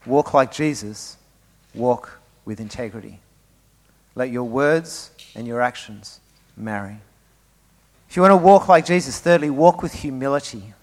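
A man preaching a sermon, emphatic, swinging between loud stresses and quiet asides and putting questions straight to the congregation. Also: mid-range voice, expressive, a little slow, pauses often. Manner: speaks to the congregation directly with rhetorical questions. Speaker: pastor.

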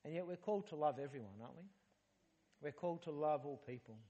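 A man preaches to his congregation in a relaxed, joking manner, full of rhetorical questions. His fairly high voice rings out in a hall with a long reverb. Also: fast, highs cut off. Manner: conversational, humorous, animated preaching with rhetorical questions. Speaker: pastor. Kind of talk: sermon. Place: church hall.

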